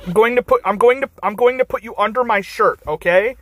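A man's voice: high-pitched, fairly quick, a bit bright, slight background noise. A man streaming live from his phone, rambling and teasing his chat in a goofy, playful way. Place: car, then home.

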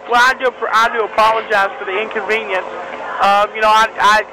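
A man with a high voice makes a sales call over a noisy phone line, hesitant and full of ums. He sounds apologetic and careful. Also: level tone, brisk. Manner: hesitant, apologetic, filler-heavy.

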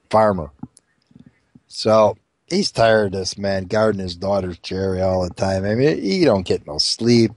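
A man telling crude jokes as an animated storyteller, doing many character voices. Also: lowish voice, dry recording, studio quality. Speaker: joke teller.

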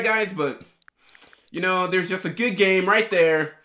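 A young man giving profane, sarcastic gameplay commentary, swinging from muttered gripes into shouting and laughter. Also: high voice, unhurried, soft background music. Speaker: gaming commentator.

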